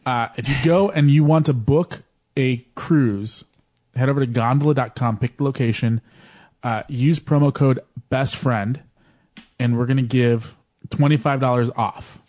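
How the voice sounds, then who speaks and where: A man's voice: mid-range voice, measured pace, a little mellow. A man hosting a casual podcast, eager and laughing into his words, also reading a sponsor spot. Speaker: podcast host. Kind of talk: casual podcast chat, ad read.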